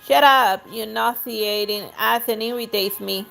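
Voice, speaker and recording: A woman's voice: on the high side, unhurried, creaky, pushed and bright, faint music behind, exaggerated voice. A woman reading as a scornful haughty noblewoman. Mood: disgusted. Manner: scornful, insulting. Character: haughty scheming young noblewoman, quick-tempered. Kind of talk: reading game dialogue aloud.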